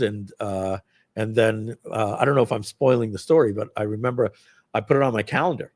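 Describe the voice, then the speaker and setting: Animated storytelling man with big vocal swings. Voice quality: acts out voices with big pitch jumps. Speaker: host.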